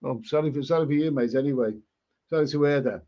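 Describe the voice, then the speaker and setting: A man's voice: on the high side, fast, dark tone. Rambling man with a dull lo-fi sound. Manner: rambling, repeats words and restarts sentences. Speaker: live stream host. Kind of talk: casual live stream chat reading viewer comments.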